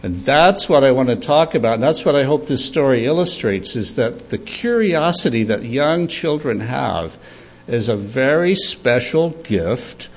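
An older man giving a storytelling sermon for children at church, animated and chuckling as he tells it. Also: mid-range voice, measured pace, husky, muffled recording. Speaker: church speaker.

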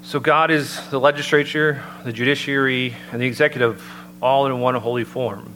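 A man giving an earnest, measured sermon-style talk and citing scripture as he builds his points. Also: mid-range voice, steady tone, bright, forceful tone, poor audio. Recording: noticeable background hum.

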